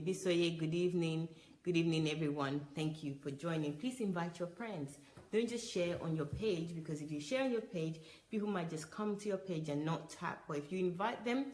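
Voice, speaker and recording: A woman hosting a livestream, greeting viewers by name and chatting in an upbeat way. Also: sits low. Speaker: livestream host. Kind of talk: casual livestream chat. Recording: echoey room, faint noise.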